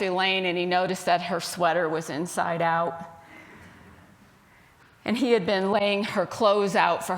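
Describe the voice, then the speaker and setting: A woman minister giving a sermon, telling a story in a gentle, unhurried way. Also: fairly low pitch.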